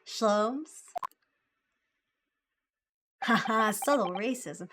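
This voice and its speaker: A woman's voice: mid-range voice, fairly even intonation, measured pace, fairly bright tone, slight background noise. A woman streaming a game playthrough, chatting casually, often breaking into giggles and teasing the game's lines. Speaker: VTuber streamer. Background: game music.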